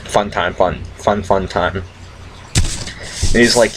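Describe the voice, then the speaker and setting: A young man tells a loose, profane story in a laid-back, rambling way, full of restarts. His voice sits low. A faint hiss runs behind him. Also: drawn-out words. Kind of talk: rambling casual anecdote.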